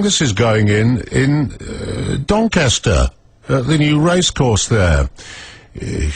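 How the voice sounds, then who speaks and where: A man's voice: medium pitch, breathy edge. A British man presenting live radio news, getting flustered and self-deprecating when things go wrong.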